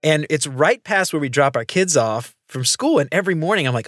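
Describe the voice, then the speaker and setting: Chatty guy hosting a podcast, bouncy voice, talks quick, goes off on tangents. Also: fairly high pitch, no echo, studio quality. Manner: animated storyteller, rambling asides. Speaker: podcast host. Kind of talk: casual conversational interview.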